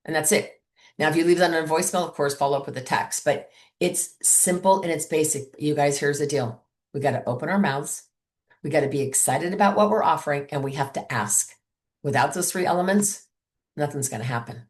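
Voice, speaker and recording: A woman's voice: sits low, a little fast. A woman coaching her sales team in an upbeat way, acting out sample calls and texts as she goes. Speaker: sales trainer.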